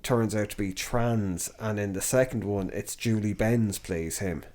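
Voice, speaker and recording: A man's voice: on the low side, a little slow, a little mellow. An Irish man co-hosting a podcast, chatting casually about films in a rambling way, full of fillers and swearing. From Ireland. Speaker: podcast co-host. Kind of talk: casual film chat.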